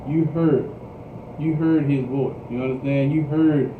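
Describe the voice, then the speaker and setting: A man's voice: fairly high pitch, fairly even intonation, unhurried, recorded from a distance. A man teaching a scripture class as a preacher, repeating himself and checking in with the class as they answer back. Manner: repetitive, call-and-response, says "you understand?" often. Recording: echoey phone-like livestream audio with noise.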